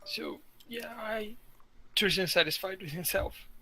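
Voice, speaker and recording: Male player, high and bright, easygoing and playful. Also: measured pace, slight background noise. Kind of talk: casual tabletop play.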